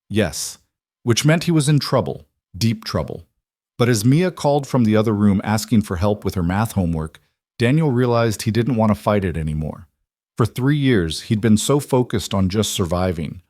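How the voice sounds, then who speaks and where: A man reading a scripted story as narrator, in an even, measured way. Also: on the low side, dry recording, clean studio sound.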